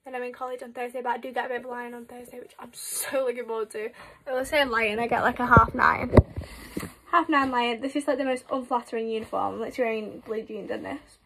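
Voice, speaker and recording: A woman's voice: on the high side, fairly even intonation, fast talker, sharp tone, slight background noise. A teenage girl from the UK chatting casually to camera at home, telling a rambling story full of "like". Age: teens. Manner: rambling, filler-heavy storytelling with lots of "like". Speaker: vlogger.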